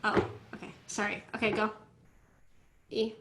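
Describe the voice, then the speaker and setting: A woman teaching an online violin class, coaching students through tuning in a brisk, directive way over a video call. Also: medium pitch, completely flat delivery, very noisy. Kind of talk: online group class instruction. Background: faint violin notes from students.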